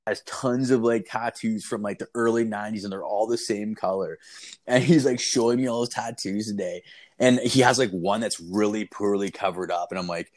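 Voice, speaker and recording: A man's voice: fairly low pitch, moderate pace, no room sound. A young man chatting casually on a podcast, telling profane, rambling stories about his work. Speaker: podcast co-host. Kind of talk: casual chat.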